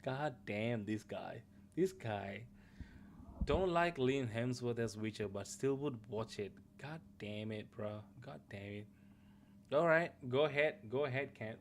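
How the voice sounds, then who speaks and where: Laid-back male streamer, slow and chatty. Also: mid-range voice, slight background noise. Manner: laid-back, joking, swears a lot, talks to chat. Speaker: gaming streamer. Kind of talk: casual live-stream chat.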